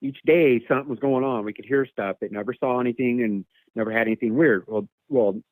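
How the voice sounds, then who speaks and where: Over a tinny, dry phone line, a male guest tells a long, rambling story about an encounter, repeating words and imitating animal calls. His voice is mid-range and he talks a little fast.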